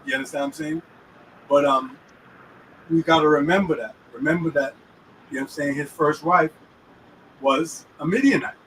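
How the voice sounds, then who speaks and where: A man's voice: on the high side, big pitch swings, moderate pace, creaky, pauses often, fairly bright tone. A man hosting a casual chat about the weekly Torah portion, using street slang and often checking that the listener follows him. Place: inside a moving car. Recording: distant mic in a car with faint road noise.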